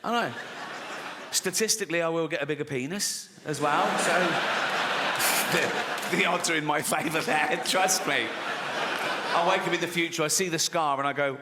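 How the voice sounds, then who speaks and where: A man on stage doing stand-up. He talks in a loose, conversational way, swears freely and slips into other people's voices. His voice sits a little high and carries a long hall echo over loud audience ambience. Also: a little fast, very noisy. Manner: conversational, swearing, acts out characters. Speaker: stand-up comedian. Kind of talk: stand-up routine.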